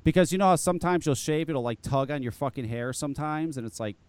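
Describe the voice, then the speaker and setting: A man's voice: a little high, quick pace, a little mellow, smooth, dry recording. A man hosting a live online show, chatting casually, laughing often and swearing freely. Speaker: podcast host.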